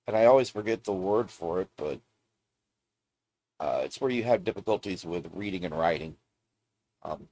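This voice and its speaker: A man's voice: lowish voice, a little mellow. A man hosting a casual gaming vlog, talking bluntly in rambling rants with plenty of swearing. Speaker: gaming video host. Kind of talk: casual ranting vlog commentary.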